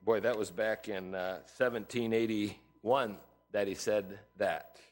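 A man's voice: lowish voice, steady tone, slow pace. A man in his sixties preaching a sermon from the United States, earnest and emphatic, stressing each point. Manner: earnest, emphatic, piling up statistics and quotes.

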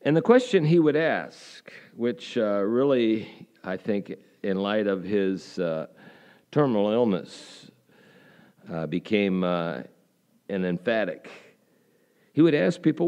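A man's voice: fairly low pitch, lively intonation, moderate pace, a little mellow. Folksy man preaching a sermon. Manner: conversational, folksy, with many fillers and rhetorical questions. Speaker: pastor. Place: church.

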